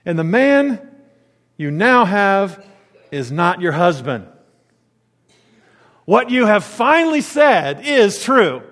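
A man voicing a calm teacher who makes pointed, sarcastic remarks, slowly and deliberately. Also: high-pitched, heavily acted. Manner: slow, deliberate, sarcastic emphasis. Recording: long reverb of a large hall.

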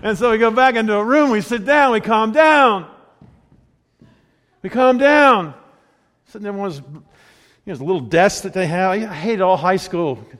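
A man giving a sermon, telling his own testimony, dropping to a hush and then rising loud. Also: high-pitched, fast talker. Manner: storytelling, swings between hushed and loud. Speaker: preacher. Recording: long hall reverb.

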